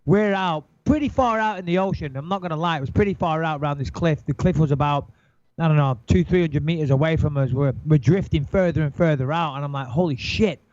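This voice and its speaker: A middle-aged man telling an animated, swearing anecdote in casual chat, acting out his own panic. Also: on the high side, fairly quick, no room sound. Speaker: guest storyteller. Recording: dull lo-fi sound, dry.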